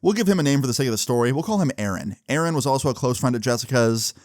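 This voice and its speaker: A young man recounts a story in a loose, chatty storytime style, full of fillers and casual swearing. His voice sits at an ordinary middle pitch. The sound is dry and close, with no room echo. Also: lively intonation, rapid-fire, darkish tone.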